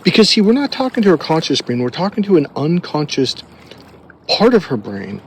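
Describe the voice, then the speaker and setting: A man's voice: fairly high pitch, wildly swooping pitch, a little fast, a little hiss or hum. A man talking to camera as a dating coach, blunt and profane, rambling along with fillers as he tells a story and gives advice. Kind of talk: casual advice monologue to camera.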